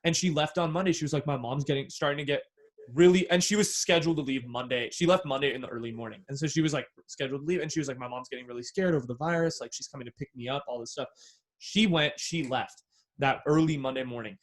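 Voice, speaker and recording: A man's voice: medium pitch, quick pace. A young man from the Bay Area, hosting a podcast and telling a story in a casual, slangy way, swearing freely and acting out what people said. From San Francisco Bay Area. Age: young adult. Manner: animated, slangy, swears freely, acts out quoted dialogue. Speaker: podcast host.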